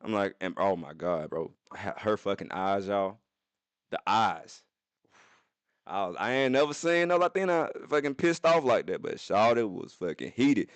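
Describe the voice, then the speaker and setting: Low-voiced young man telling a story. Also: normal speed, no echo. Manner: animated, profane, jumps into high-pitched quoted voices. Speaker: streamer. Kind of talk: casual storytelling to a live stream chat. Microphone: phone.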